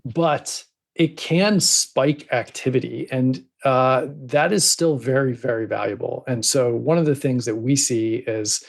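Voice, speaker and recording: A man's voice: medium pitch, unhurried, gravelly. A man appearing as a podcast guest who talks about book promotions in a loose, chatty way full of fillers and asides. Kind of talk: casual podcast conversation.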